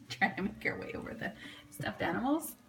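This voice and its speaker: A woman's voice: very high-pitched, gravelly, noisy background. A woman breeder chatting to her puppies in cooing baby talk, laughing often, indoors at a whelping pen. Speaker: dog breeder. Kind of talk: casual vlog narration.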